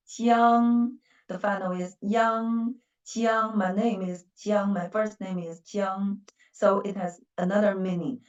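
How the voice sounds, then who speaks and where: Slow Chinese-accented woman teaching a lesson. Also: medium pitch, darkish tone, reverberant, distant mic, highs cut off. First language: Mandarin. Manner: patient, repeats words, stresses syllables. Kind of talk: classroom language lesson.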